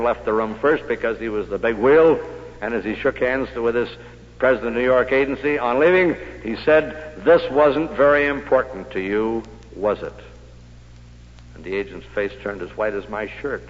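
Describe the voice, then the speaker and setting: A man's voice: mid-range voice, normal speed. Male speaker, motivational sales talk, punchy rhetorical style; long hall reverb, muffled vintage recording. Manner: punchy storytelling with rhetorical questions. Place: meeting hall with audience. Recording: echoey hall on dull old recording.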